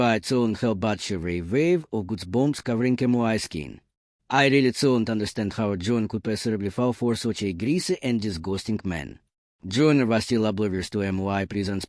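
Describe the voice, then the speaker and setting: A man tells a first-person story in a calm, even storytelling manner. His voice sits fairly low. The recording is dry and close, with no room sound. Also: moderate pace, dry recording. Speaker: narrator.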